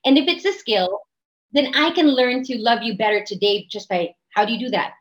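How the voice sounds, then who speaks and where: A woman's voice: a little high, a little fast, poor audio. A woman in her thirties with a Filipino accent, talking earnestly and reflectively as a mother in a casual podcast chat. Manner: earnest, reflective, switches between English and Filipino. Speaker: guest, mother.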